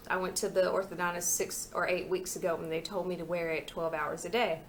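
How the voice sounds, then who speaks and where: A woman's voice: lowish voice, steady tone, a little fast, hardly any pauses, a little hiss or hum. A young adult woman vlogging from her living room floor, talking candidly and rambling, her speech a little slurred by a retainer. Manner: candid, rambling, venting with frank asides. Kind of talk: casual chat vlog.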